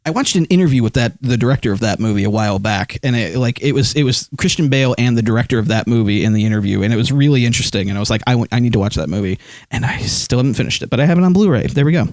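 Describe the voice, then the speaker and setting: A man's voice: mid-range voice, lively intonation, racing, few pauses, darkish tone, no echo. Rambling man chatting on a stream. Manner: rambling, many fillers, reads chat aloud. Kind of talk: casual live-stream chat.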